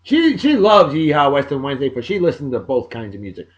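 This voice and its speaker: A middle-aged man, hosting a casual podcast and giving exuberant, folksy birthday shout-outs. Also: mid-range voice, huge pitch swings, fairly quick, highs cut off. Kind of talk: casual chat.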